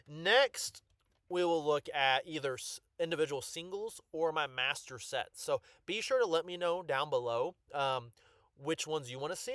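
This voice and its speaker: A man with a fairly high voice talks casually and excitedly about his collection, stumbling over restarts and filling pauses with ums. The sound is dry and close, with no room around it. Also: dry recording. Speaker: card collector YouTuber.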